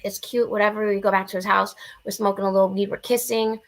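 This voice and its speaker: A young adult woman telling frank, profane stories in casual podcast chat, blunt and animated. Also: mid-range voice, fast talker. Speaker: podcast guest.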